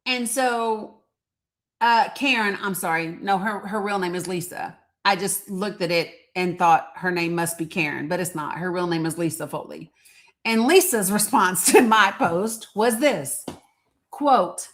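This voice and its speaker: A woman's voice: mid-range voice, animated, a little slow, fairly bright tone. A woman hosting a commentary monologue, talking in a heated, blunt way, swearing and reading quotes aloud. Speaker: host.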